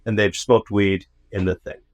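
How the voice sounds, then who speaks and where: A man's voice: fairly low pitch, level tone, moderate pace, darkish tone. A man co-hosting a podcast, telling a rambling, profane, self-mocking story in casual chat. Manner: rambling, profane, self-mocking, acts out his own past outbursts. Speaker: podcast co-host.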